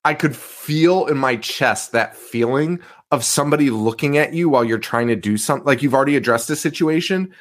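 A man's voice: medium pitch, brisk, few pauses. A young man co-hosting a podcast, talking casually, swearing a lot and laughing often. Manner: animated, profane, laughs often. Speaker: podcast co-host. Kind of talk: casual chat.

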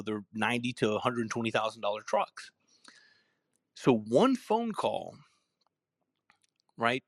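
A man's voice: mid-range voice, fairly bright tone, dry recording. A man telling a casual anecdote, acting out both sides of phone calls with many restarts and repeated words. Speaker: speaker telling a customer-service story.

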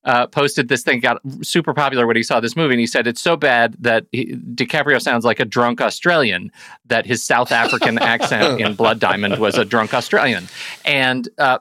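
A man hosting a casual movie podcast, animated and quick to laugh, often restarting his sentences. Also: medium pitch, no echo, clean studio sound. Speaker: podcast host.

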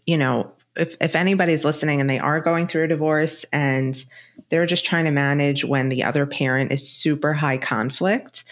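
A middle-aged woman, a divorce specialist and author, giving frank, reassuring advice as a guest in a podcast interview. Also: deep voice.

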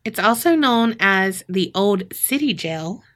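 A woman's voice: medium pitch, expressive, measured pace, fairly bright tone. A woman co-hosting a podcast in casual chat, rambling, giggly and swearing freely. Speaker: podcast co-host.

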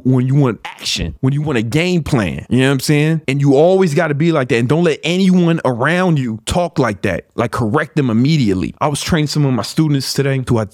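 A man's voice: mid-range voice, a little mellow, dry recording. Chicago guy on a podcast hyping you up, cussing, slangy, blunt, mid voice, dry close sound. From Chicago, USA. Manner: blunt, profane, slangy, swaggering. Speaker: podcast host. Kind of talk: motivational podcast talk.

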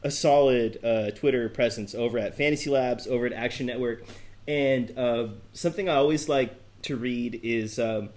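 A man's voice: medium pitch, normal speed, darkish tone. A man hosting a podcast, chatting casually with jokes and frequent ums. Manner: jokey, hesitant, many ums. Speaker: podcast host.

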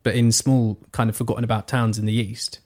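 A man's voice: fairly low pitch, flat delivery, a little fast, a little mellow. A man from Suffolk, England, a podcast guest, talking in a thoughtful, rambling way with many restarts. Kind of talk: casual conversation.

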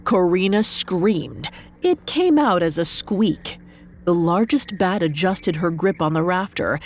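A woman narrating a dark storybook myth in a measured, dramatic way. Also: on the low side, lively intonation, slight background noise. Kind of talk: scripted narration.

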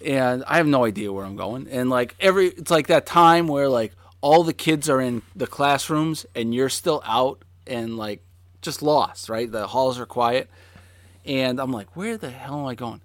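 A man in his forties telling a story in casual chat, animated, with lots of fillers and swearing. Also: medium pitch, unhurried, dry recording.

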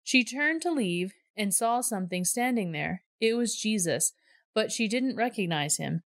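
A woman reading a Bible passage aloud in a clear, measured storytelling voice. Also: medium pitch, expressive, no echo, studio quality. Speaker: scripture reader.

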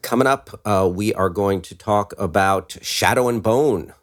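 A man's voice: fairly low pitch, unhurried. A man co-hosting a podcast in casual chat, making dry, wry asides. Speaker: podcast co-host.

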